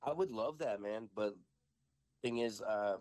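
A young man telling a story in a casual podcast chat, animated and full of swearing. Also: lowish voice, measured pace, no echo. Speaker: podcast host.

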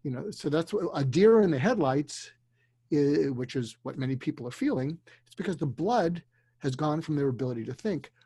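Husky older man telling a story. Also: fairly high pitch, expressive, dry recording. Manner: earnest, slow and deliberate, dropping to a hushed voice for emotional moments. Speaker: guest, psychiatrist. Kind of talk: storytelling in a conversation. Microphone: video call.

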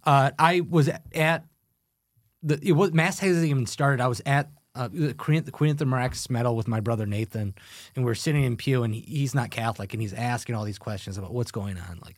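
Laughing, animated male podcast guest. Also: mid-range voice, brisk, no echo, clean studio sound. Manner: animated storyteller, laughs often. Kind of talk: casual chat.

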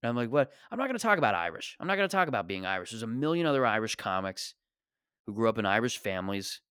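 A young man doing a profane, self-deprecating stand-up rant, exasperated and quick to mock himself. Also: fairly low pitch, very animated, a bit bright, clear, resonant tone, dry recording, clean studio sound. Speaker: stand-up comedian.

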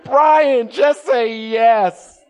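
A male pastor preaching a sermon during a church service, animated and humorous, bantering with the congregation and shouting for emphasis. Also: extremely high pitch, very slow, highs cut off.

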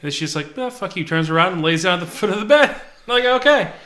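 A man's voice: on the high side, lively intonation, fast talker, pushed and bright. A man co-hosting a podcast, rambling casually with restarts and offhand swearing. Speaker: podcast co-host. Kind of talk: casual chat.

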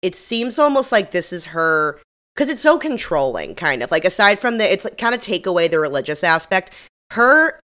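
Lively low-voiced woman podcaster. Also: normal speed. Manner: animated retelling with acted-out quotes. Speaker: podcast co-host. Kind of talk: casual recap chat.

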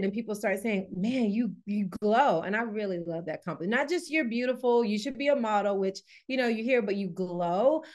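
Woman, podcast guest, wellness coach, chatty storyteller, casual interview. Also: mid-range voice. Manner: lively storyteller, laughs often, many fillers.

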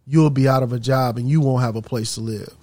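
A scornful, spiteful boss who sneers and barks his orders, as a storyteller puts him on. The voice stays sharp and bossy with a dry, close sound and no room echo. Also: mid-range voice, fairly even intonation, brisk, natural voice. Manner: sneering and commanding.

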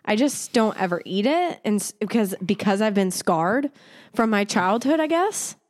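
A woman's voice: mid-range voice, expressive, normal speed, a little mellow, no echo, studio quality. A young woman co-hosting a casual podcast chat, giggling and laughing often as she talks. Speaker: podcast co-host.

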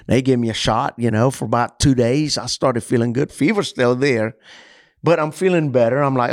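A man's voice: mid-range voice, normal speed, dry recording, clean studio sound. Man telling a story, acting out voices. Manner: animated, acts out dialogue. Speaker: coach, interview guest. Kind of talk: personal storytelling in a podcast interview.

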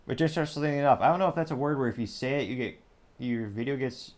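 A man's voice: mid-range voice, fast. Dry, mocking male commentary host. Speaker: show host. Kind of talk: sarcastic commentary reading social media comments.

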